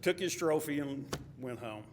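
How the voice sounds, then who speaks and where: A man's voice: on the high side, lively intonation, normal speed. A man with a Texas accent telling a chuckling personal story at a memorial. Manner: chuckling, anecdotal. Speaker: eulogy speaker. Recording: hall reverb, faint ambient noise.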